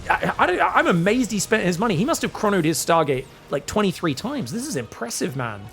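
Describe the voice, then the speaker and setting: Male esports caster from Australia, faking a British accent; high, excitable, jokey, faint music underneath. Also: a little fast, gravelly. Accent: put-on British over Australian. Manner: excitable, jokey, bursts into loud high exclamations. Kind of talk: live game commentary.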